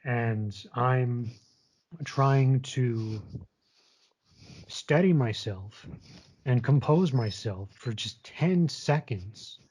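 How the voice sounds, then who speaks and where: A man's voice: medium pitch, drawn-out words, long pauses, darkish tone. A man in his late twenties telling a long personal story in a candid, casual way, swearing often. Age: late 20s. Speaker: guest sharing his story. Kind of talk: casual conversation.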